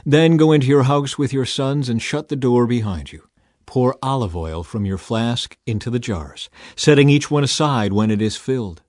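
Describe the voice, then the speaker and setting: A man's voice: medium pitch, normal speed, darkish tone, dry recording, clean studio sound, natural voice. A man voicing an old prophet in a storybook reading, giving firm instructions in a slightly raised voice. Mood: commanding. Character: commanding old male prophet.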